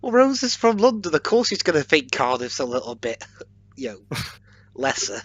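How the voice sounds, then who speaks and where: A man's voice: fairly high pitch, sing-song, moderate pace, fairly bright tone, dull audio. Man joking through a watch-along. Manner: joking and playful, with frequent laughs. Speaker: co-host of a watch-along commentary. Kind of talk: casual chat.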